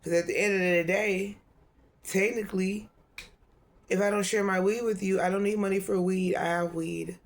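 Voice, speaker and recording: A woman's voice: mid-range voice, fairly even intonation, normal speed. A woman tarot reader talking in a loose, rambling monologue, swearing freely and laughing often.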